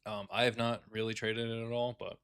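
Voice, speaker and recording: Gravelly, laid-back swearing trader. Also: male voice, mid-range voice, flat delivery, a little fast, a bit bright, no echo. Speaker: day trader. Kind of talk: casual live trading commentary.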